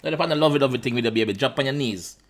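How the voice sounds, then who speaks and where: A man's voice: mid-range voice, racing, noisy background. Jamaican guy breaking down songs in patois. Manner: chatty, repeats himself, mixes in patois. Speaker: reaction channel host. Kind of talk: casual song breakdown.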